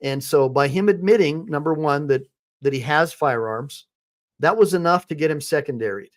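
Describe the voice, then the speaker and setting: A man with a somewhat high voice delivers combative, mocking commentary as an attorney reacting to clips. His tone is opinionated and blunt. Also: moderate pace.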